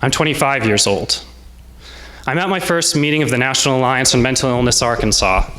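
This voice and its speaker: A man in his twenties telling a personal story on stage, in a measured, reflective way with short present-tense lines. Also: medium pitch, pushed and bright. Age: 20s. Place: small salon event space.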